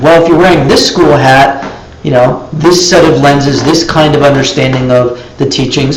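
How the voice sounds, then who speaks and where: A man's voice: fairly high pitch, moderate pace, reverberant, crowd noise, low-quality recording. A man teaching a live class, telling stories and acting out little dialogues in raised voices.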